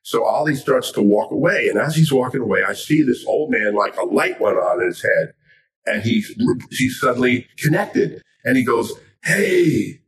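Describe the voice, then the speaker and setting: An older man from Miami, a guest telling a story with lively animation. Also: mid-range voice, moderate pace, recorded from a distance. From Miami, Florida. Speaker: guest, sports interviewer. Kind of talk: storytelling in a chat.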